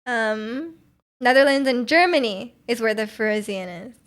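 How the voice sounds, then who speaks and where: Young woman streamer, chatty and giggly, rambling with restarts, slightly high voice. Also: animated, a little slow, a bit bright. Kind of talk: casual chat with live chat.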